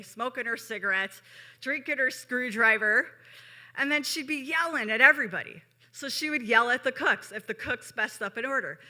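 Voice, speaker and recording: A woman's voice: fairly high pitch, pushed and bright. A woman from Chicago telling a personal story on stage in a chatty way, with frequent asides to the audience. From Chicago, USA. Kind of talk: live storytelling.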